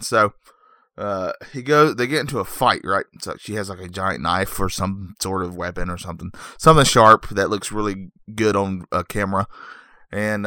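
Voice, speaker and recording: A man with a low, forceful voice rambles through a casual movie recap on his podcast. He is wry and full of joking asides, and he keeps stopping to clear his throat. The sound is dry and close. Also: no room sound.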